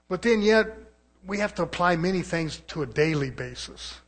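A man preaching a fervent sermon, swinging from loud, rising shouts to low, quiet stretches. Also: lively intonation, brisk.

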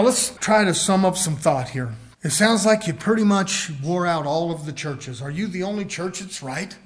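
Male preacher, high-pitched, folksy and emphatic, fiery sermon delivery. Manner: swings from hushed to shouting, folksy and emphatic.

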